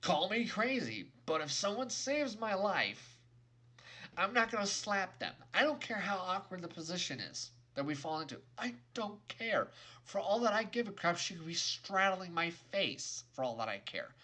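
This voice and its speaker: A man's voice: high voice, big pitch swings, moderate pace, bright, forceful tone. A young adult man giving an exasperated, sarcastic, emphatic rant in a video game review.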